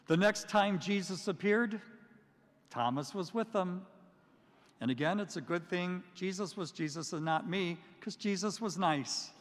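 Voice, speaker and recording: A man preaching a Sunday sermon as parish priest, animated and humorous, telling Bible stories in a lively, conversational way. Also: sits high, unhurried. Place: church. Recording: long reverb of a church.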